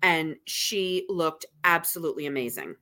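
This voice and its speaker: A woman's voice: deep voice, moderate pace, pushed and bright. A woman co-hosting a podcast, chatting casually and gushing with enthusiasm about an awards show. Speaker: podcast co-host. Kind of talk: casual awards recap chat.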